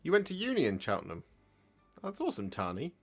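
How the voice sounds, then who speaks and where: This young Gloucestershire streamer talks fast while painting miniatures, his mid-range voice swinging hugely in pitch and showing vocal fry. He chats casually in his English West Country accent and answers viewers' questions over faint background music.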